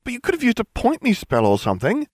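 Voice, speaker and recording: A man voicing a frantic, studious teenage girl witch, high-pitched and scolding. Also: huge pitch swings, quick pace, dry recording, full character voice. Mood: upset.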